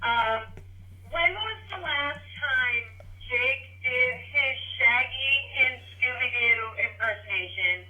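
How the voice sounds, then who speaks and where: A woman's voice: high-pitched, slow pace, distant mic. Playful woman on a tinny phone line. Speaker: caller leaving a voicemail. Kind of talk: voicemail.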